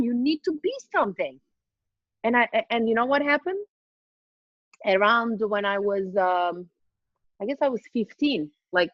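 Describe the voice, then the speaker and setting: Animated woman. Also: a little high, no echo, highs cut off. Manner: animated, laughing, repeats and restarts words. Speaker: master trainer, podcast guest. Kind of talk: casual storytelling chat.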